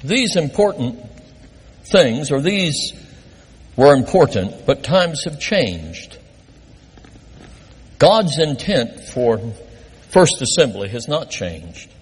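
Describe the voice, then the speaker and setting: A man's voice: fairly high pitch, slow pace, pauses often, husky. An older man, a pastor, preaching and telling self-mocking stories from his early ministry. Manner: animated, self-mocking storyteller. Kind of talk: sermon with personal stories. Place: church sanctuary. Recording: long reverb of a church hall.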